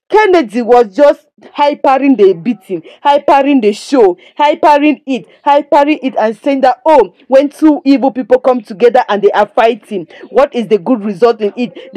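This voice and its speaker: A woman's voice: fairly high pitch, lively intonation, normal speed, dark tone, dry recording. Chatty Nigerian woman recapping a drama. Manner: chatty, preachy asides, addresses listeners as "my people". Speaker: movie reviewer. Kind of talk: casual recap and commentary.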